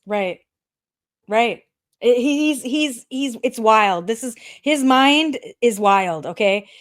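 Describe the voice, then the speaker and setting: A woman's voice: on the high side, lively intonation, slow. A woman co-hosting a casual podcast, reading comments aloud in a mocking voice and laughing often. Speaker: podcast co-host.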